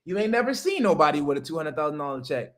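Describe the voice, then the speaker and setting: A man hosts a live stream, delivering a motivational rant in a fairly high voice. He talks loud and preachy, and his pitch leaps up whenever he hammers a point home. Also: very animated, fast. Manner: loud, preachy, swings high when emphatic. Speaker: livestream host.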